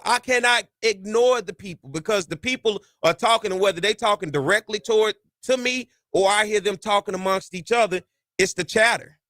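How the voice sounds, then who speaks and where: A man hosts a sports talk podcast in a high, bright voice. He preaches his points with lively swings in pitch and folksy slang. The sound is close and dry. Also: dry recording. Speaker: podcast host.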